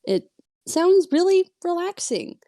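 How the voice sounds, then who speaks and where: A woman's voice: very high voice, very animated, slow pace, warm tone, no room sound. A woman narrating as game master of a tabletop role-playing game, hesitant and full of filler sounds.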